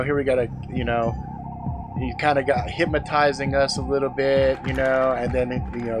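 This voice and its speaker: A man with a mid-range voice chats casually on a live stream, rambling with plenty of fillers and swearing, and breaks into loud exclamations as he tastes snacks.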